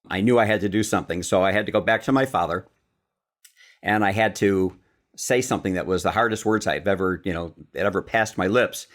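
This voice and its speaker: A man from Chicago, a sales speaker and author, telling stories as a podcast guest and acting out the quotes. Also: fairly low pitch. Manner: lively storyteller who acts out quotes. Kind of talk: storytelling in a podcast interview.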